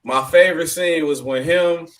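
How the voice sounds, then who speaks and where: A man co-hosting a sports talk show, recounting scenes in rapid, slangy chat. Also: a little high. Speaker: co-host. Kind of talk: casual chat.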